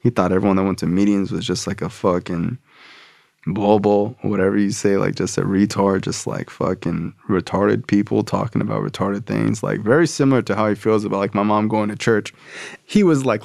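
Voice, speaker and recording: A man's voice: lowish voice, fairly even intonation, a little fast, creaky, a little mellow, no room sound, studio quality. A young man telling a personal recovery story in a casual, profane way, full of slang and fillers.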